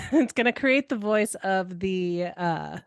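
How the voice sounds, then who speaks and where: A woman's voice: mid-range voice, lively intonation, slow pace, smooth, dry recording, clean studio sound. A woman playing a tabletop game, casual and playful, often laughing. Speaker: player. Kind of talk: casual play.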